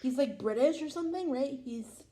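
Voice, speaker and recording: A young woman chats casually about a show she loves as host of her own vlog. She is emotional and gushing, full of exclamations, and her voice sits a little high with a mellow, warm tone. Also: normal speed, a little hiss or hum. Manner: gushing, emotional, lots of "oh my God". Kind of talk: casual fan reaction chat.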